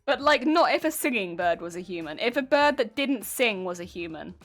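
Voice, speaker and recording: Speaking a little fast in a mid-range, slightly bright voice full of lively intonation, this streamer chats with viewers as she runs her embroidery machine. She laughs often and ribs herself about her honking, grating voice, and faint music sits in the background.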